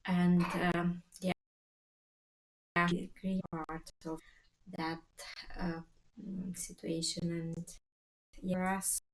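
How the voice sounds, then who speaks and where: A woman's voice: lowish voice, flat delivery, slow, long pauses. A mother telling her family's story in a casual vlog, hesitant, with many fillers and restarts as she quotes what people said. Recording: echoey room, faint background noise.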